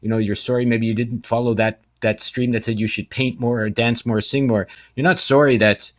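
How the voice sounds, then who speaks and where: A man's voice: medium pitch, fairly even intonation, a little fast, fairly bright tone. A man interviewing a guest, talking in a rambling, emphatic way with many asides. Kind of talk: casual conversational talk.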